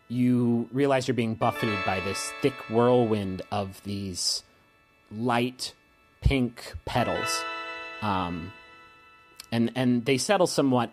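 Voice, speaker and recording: A man narrating scenes as game master of a tabletop game, with many ums and uhs. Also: lowish voice.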